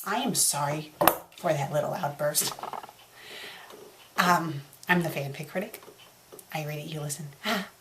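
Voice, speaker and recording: A woman playing an unhinged young fanfic critic who swings between screamed murder threats and whispered attempts to calm herself, in a comedic web video rant. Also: deep voice, a little slow, pauses often, noisy background. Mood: sheepish.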